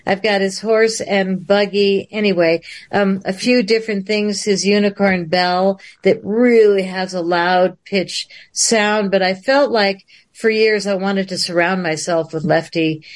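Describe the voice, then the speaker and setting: A woman guest on a livestream interview, telling a long story in an animated way and laughing often. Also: medium pitch, a little slow.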